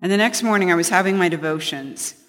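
A woman's voice: on the low side, quick pace, fairly bright tone, long reverb tail. A middle-aged woman giving a conversational Bible teaching, telling personal stories with chatty restarts. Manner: chatty storytelling, frequent restarts, light laughs.

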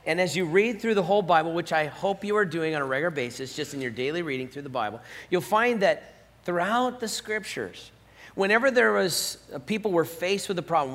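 A male pastor preaching an animated sermon, swinging between loud emphasis and hushed asides. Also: a little high. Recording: long reverb of a church hall.

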